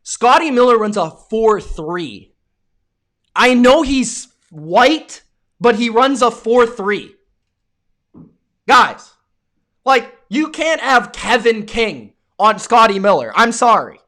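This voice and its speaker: Young male streamer, high bright voice, unhurried between plays, erupts into shouts on big moments. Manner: excitable, yells at big plays, talks to chat viewers. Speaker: live stream sports reaction host. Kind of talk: live play-by-play reaction to a game.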